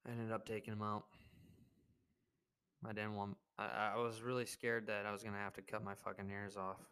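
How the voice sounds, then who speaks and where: A man's voice: fairly low pitch, level tone, normal speed, sharp tone, clean tone. A young man hosting a podcast, telling a rambling, profane story in a laid-back, casual monologue. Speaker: podcast host.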